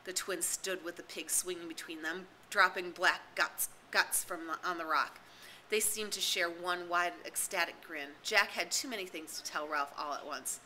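A woman's voice: fairly low pitch, normal speed, sharp tone, slight background noise, rough recording. A woman narrating a novel as an audiobook, reading expressively and dramatically. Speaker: reader and tutor.

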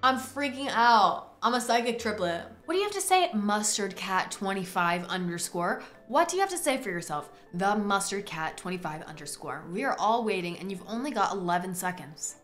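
Bright-voiced woman judging a game. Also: mid-range voice, sing-song. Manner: theatrical, quick swings into loud exclamations. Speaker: streamer playing a courtroom judge game. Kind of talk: playful gaming commentary. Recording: roomy echo with faint music.

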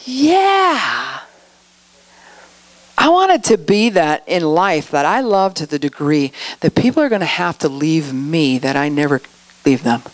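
A woman's voice: deep voice, a little slow. A middle-aged woman giving a conversational sermon, telling stories and acting out quoted lines. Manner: storytelling, acts out quotes with animated voices. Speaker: speaker at a church outreach.

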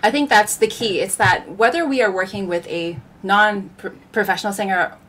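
A woman's voice: mid-range voice, moderate pace, a bit bright. A woman vocal coach hosting a live stream, talking to her viewers in an upbeat, direct way. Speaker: vocal coach and show host. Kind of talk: live-stream host talk.

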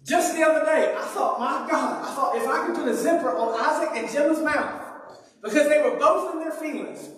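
A man's voice: very high voice, brisk. A man in his thirties preaching a conversational, joking sermon in a church. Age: 30s. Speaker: pastor. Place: church sanctuary. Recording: echoey church hall, mic far off.

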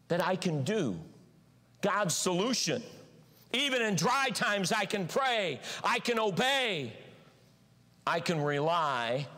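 A pastor preaching a sermon in a church, animated, acting out little voices and shouting for emphasis. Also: male voice, sits high. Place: church sanctuary. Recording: long hall reverb.

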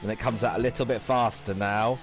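A man's voice: fairly low pitch, fairly even intonation, fairly quick, a little hiss or hum. A man with a Northern English accent chatting playfully as he plays and commentates on a video game. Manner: chatty, playful, exclaims and sings little phrases. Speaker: gaming video host. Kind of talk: casual gameplay commentary.

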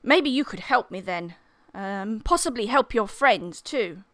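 A woman's voice: on the high side, expressive, measured pace, fairly bright tone, dry recording. A woman playing a polite, probing male knight in a tabletop game who asks questions courteously and a little hesitantly.

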